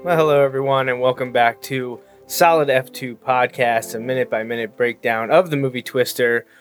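A man co-hosting a casual podcast. He speaks with careful, deliberate enunciation and a dry, self-deprecating humor. His pitch sits in a middle register. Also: steady tone, music in the background. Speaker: podcast co-host. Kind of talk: casual chat.

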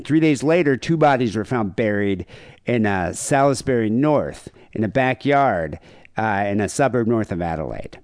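Wry low-voiced male podcast host. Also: darkish tone, dry recording, clean studio sound. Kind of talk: casual chat, reading case notes.

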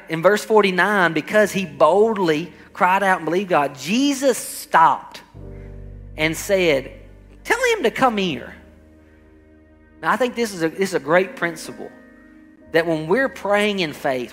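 A man preaching in a church hall, his high voice carrying a long echo. He speaks emphatically, calling out to the congregation and acting out the people he quotes. Soft music plays faintly underneath. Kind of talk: sermon.

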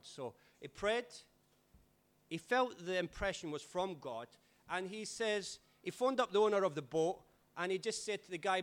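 Man, pastor, lively sermon storyteller, pitched a bit high. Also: normal speed. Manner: animated, dramatic swings in loudness.

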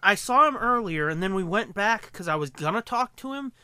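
A man co-hosting a podcast, telling a story in casual chat, animated and profane, acting out quotes. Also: high voice, brisk, smooth, no room sound. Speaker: podcast co-host.

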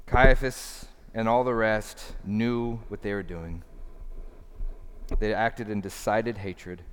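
A male pastor preaching with fervent energy, repeating words as he builds and sinking low and quiet for quoted lines. His voice is smooth and resonant, and a long reverb trails off it through the church sanctuary. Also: steady tone, takes it slowly. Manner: fervent, repeats words in bursts, drops quiet and low when quoting Jesus. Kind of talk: sermon.

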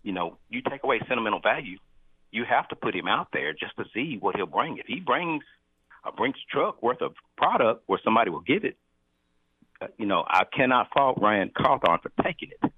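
Nasal caller on a tinny phone line. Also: male voice, medium pitch, sing-song, husky, no room sound. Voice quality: nasal from sinus trouble. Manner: rambling, halting restarts. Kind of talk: phone-in sports talk.

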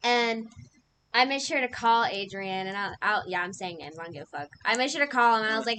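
A young woman co-hosting a casual chat, telling stories in an animated way, swearing freely and laughing often. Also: mid-range voice, quick pace, a little hiss or hum, poor audio. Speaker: podcast co-host.

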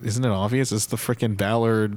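A man co-hosting a podcast, chiming in about wrestling with quick excited asides. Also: fairly low pitch. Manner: excitable, bursts in with thoughts. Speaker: podcast co-host. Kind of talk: casual wrestling talk.

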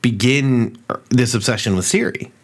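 A man's voice: mid-range voice, moderate pace. A man co-hosting a podcast, chatting casually, cracking jokes and swearing. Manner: wisecracking, animated, swearing. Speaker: podcast co-host. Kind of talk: casual chat.

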